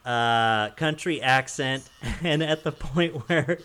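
A man's voice: medium pitch, slow, pushed and bright. A man hosting a casual podcast, telling a rambling story with frequent chuckles. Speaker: podcast host.

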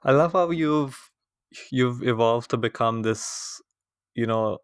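A man interviewing a guest, asking relaxed, rambling questions. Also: medium pitch, slow, clean tone, no room sound, clean studio sound. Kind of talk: casual interview chat.

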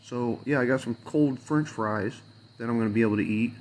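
A man's voice: medium pitch, fairly quick, a little mellow. A man venting as an unhappy customer in a fuming, sarcastic rant full of swearing that rambles loosely from point to point. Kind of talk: angry profane rant to camera.

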